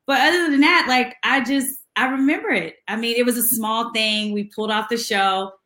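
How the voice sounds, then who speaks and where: A woman's voice: a little high, moderate pace, a bit bright, roomy sound. A woman guest in a casual interview, chatty and laughing as she tells stories and mimics people. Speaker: guest singer.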